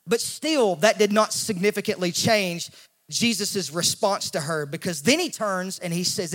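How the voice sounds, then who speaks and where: A male pastor, preaching a sermon in an animated way and acting out the voices in the story. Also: high-pitched, a little slow. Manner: animated, acts out quoted voices, repeats words when he restarts.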